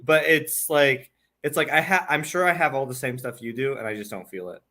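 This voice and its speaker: A man hosting a casual conversation, speaking softly and reflectively about his family. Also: mid-range voice, a little fast. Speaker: podcast host.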